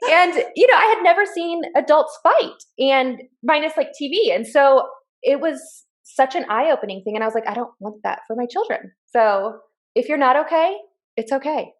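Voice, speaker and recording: A woman in her thirties co-hosting a podcast, telling personal stories in an earnest, animated way. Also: high voice, normal speed. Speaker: podcast co-host. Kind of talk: casual chat.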